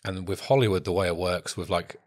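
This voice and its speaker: Husky, lowish-voiced man, self-mocking podcast co-host who laughs a lot. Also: steady tone, a little fast. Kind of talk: casual chat.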